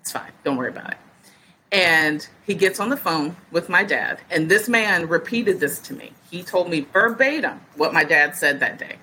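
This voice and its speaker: A woman's voice: lowish voice, animated, normal speed, hardly any pauses, sharp tone, a little hiss or hum, poor audio. A woman in her forties, a podcast guest telling a story in casual chat and acting out other people's words as she goes.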